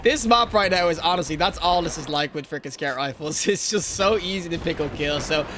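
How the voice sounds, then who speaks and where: A young man with a high-pitched voice gives live gameplay commentary. He is excitable and slangy, talking straight to his viewers and breaking into yells and laughs, with faint room sound behind him. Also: fairly quick, noisy background. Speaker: gaming video creator.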